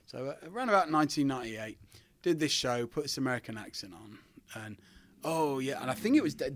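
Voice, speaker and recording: Chatty British man telling stories. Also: mid-range voice. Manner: chatty, laughs often. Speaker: guest, former wrestler. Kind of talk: casual storytelling.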